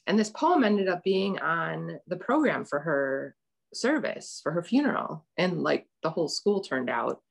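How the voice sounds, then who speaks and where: A woman's voice: lowish voice, big pitch swings, unhurried, gravelly, slightly rough. A middle-aged woman telling a personal story as a guest, earnest and rambling, with many restarts.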